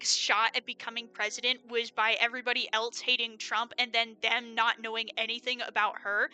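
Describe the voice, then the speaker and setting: A woman's voice: high voice, pushed and bright, smooth. A young American woman with an American accent, giving an opinionated, rambling livestream rant full of fillers. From United States. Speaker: streamer.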